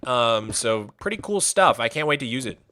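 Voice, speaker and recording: Young male streamer, upbeat and jokey, bright voice that swings up and down. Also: mid-range voice, moderate pace. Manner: animated, jokey, chatty, answers chat questions. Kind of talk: casual chat while playing a game.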